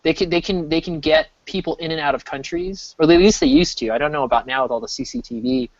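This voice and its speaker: A man's voice: fairly high pitch, quick pace, no echo. Rambling American man on a dull mic. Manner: rambling, restarts often, animated. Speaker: streamer. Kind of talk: casual chat. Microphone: desk mic.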